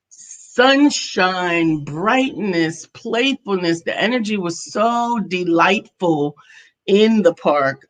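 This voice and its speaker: A woman's voice: fairly low pitch, low-quality recording. A woman co-hosting a talk show in casual chat, earnest and reflective, talking in affirmations. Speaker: co-host.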